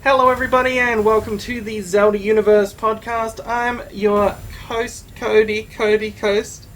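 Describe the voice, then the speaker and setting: A woman with an Australian accent hosting a podcast. She chats casually and makes deadpan, goofy jokes. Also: on the high side, normal speed, a little hiss or hum, rough recording. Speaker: podcast host.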